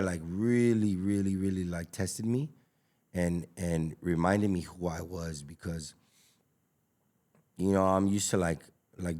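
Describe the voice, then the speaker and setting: A man with a low, darkish voice guests on a podcast, telling his story in casual, emphatic slang with lots of fillers and repetition. He's from Los Angeles, USA, and runs a taco business.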